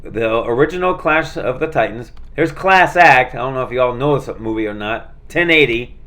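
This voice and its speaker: A man talks in a loose, rambling way, stumbling over words and filling gaps with "uh". His voice sits at an ordinary middle pitch and stays easygoing throughout. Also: normal speed, sharp tone. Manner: rambling, many fillers and restarts, laid-back. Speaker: vlogger showing his movie collection. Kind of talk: casual rambling chat.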